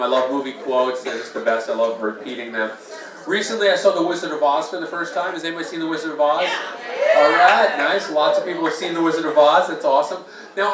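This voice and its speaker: A stand-up comedian works an open mic night in a small bar, delivering a self-deprecating, jokey set and tossing playful asides to the crowd. His voice sits high, and the recording is very noisy, captured by a distant, echoey room mic with the audience laughing.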